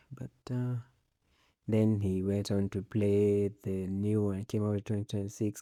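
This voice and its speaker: A man with a low, gravelly voice hosts a loose solo talk show at an unhurried pace. His tone is dark and mellow, and the sound is close and dry. He rambles, swears casually and laughs at his own jokes. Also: no room sound. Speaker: podcast host.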